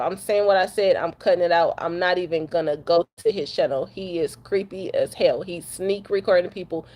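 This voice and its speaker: A young woman from Detroit, a truck driver, venting bluntly to camera after crying, cussing and repeating herself. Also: lowish voice. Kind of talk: emotional rant to camera.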